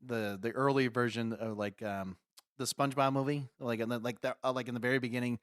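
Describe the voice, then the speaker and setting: Co-hosting a podcast, a man chats casually, rambling with plenty of fillers and frequent laughter. His medium-pitched voice is clear and resonant, fairly even in intonation and quick in pace, recorded in a clean studio with no room sound.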